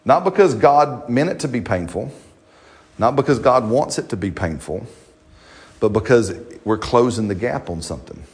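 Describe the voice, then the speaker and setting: This middle-aged pastor has a medium-pitched, darkish voice. Preaching in a joking, conversational manner, he frequently questions the congregation and tends to repeat and restart.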